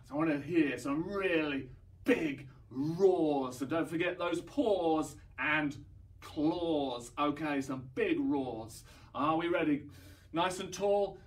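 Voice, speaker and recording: A man with a fairly high voice leads young children through an action song, with a slow, unhurried delivery. He sings and acts out the sounds playfully, and his voice sits a little back from the microphone. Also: far from the mic. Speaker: children's singing session leader.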